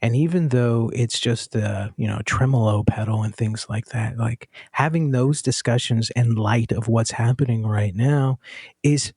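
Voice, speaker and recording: A man speaking as a podcast guest, reflective and earnest, with many fillers and pauses. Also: mid-range voice, steady tone, a little mellow, breathy edge, no room sound, studio quality. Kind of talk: casual conversational podcast chat.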